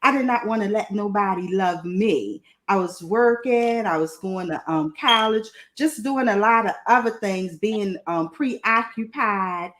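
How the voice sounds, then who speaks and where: A woman with a Southern country accent, talking candidly on a panel about love and marriage, animated and quick to laugh. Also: medium pitch. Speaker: panel guest.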